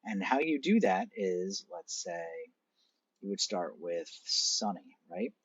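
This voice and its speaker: A man's voice: fairly low pitch, big pitch swings, takes it slowly, fairly bright tone, husky, dull audio. A male teacher walking students through an assignment on screen, explaining each step conversationally and addressing them directly. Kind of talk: screen-recorded assignment walkthrough.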